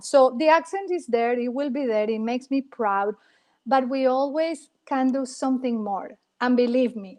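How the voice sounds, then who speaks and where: A woman's voice: a little high, darkish tone. A middle-aged woman with a Latin American Spanish accent, a native Spanish speaker, talking as a guest in an interview and stressing her points by repeating them. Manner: emphatic, repeats phrases for effect. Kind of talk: casual interview.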